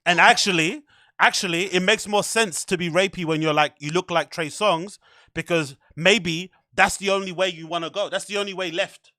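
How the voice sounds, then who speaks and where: A young man with a high, bright voice talks through a loose, rambling podcast chat, packed with fillers and swearing. The sound is dry and close, with no room around it. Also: moderate pace, dry recording. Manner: rambling, animated, swears a lot, filler-heavy. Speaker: podcast host. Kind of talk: casual chat.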